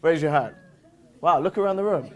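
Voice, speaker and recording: A man's voice: fairly high pitch, animated, fairly quick, a little mellow. A man with an English accent giving an interactive motivational seminar, upbeat and playful, drilling his audience with call-and-response questions and teasing jokes. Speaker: seminar presenter.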